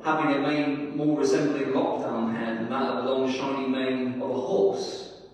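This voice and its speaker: Male preacher, earnest and fervent, medium pitch, heard from far off in a reverberant church hall. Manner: earnest, fervent, addresses listeners as friends. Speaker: meeting leader, preacher. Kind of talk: sermon.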